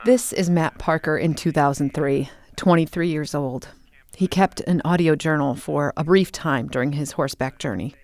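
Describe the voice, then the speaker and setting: A woman host reading scripted documentary narration in a measured, deliberate way. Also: low voice, darkish tone.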